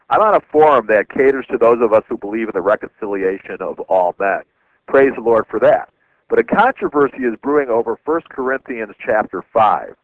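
A man at an ordinary pitch hosts a talk radio show and reads listener mail haltingly. He stops often on "uh." His voice comes over a thin, phone-like line with a dry sound. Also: no room sound. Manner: halting, many "uh" fillers. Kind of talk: casual talk radio, reading listener emails.

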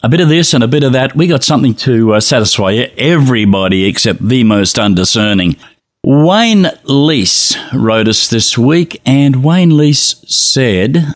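A man's voice: medium pitch, expressive, measured pace, no room sound, studio quality. A man hosting a casual chat, a chatty storyteller who laughs easily. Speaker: host.

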